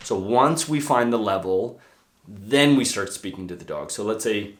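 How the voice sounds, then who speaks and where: A young man, a dog trainer, giving a casual, hands-on lesson with brisk explanations. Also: fairly low pitch, animated, background noise. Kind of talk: casual instructional talk. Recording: roomy echo.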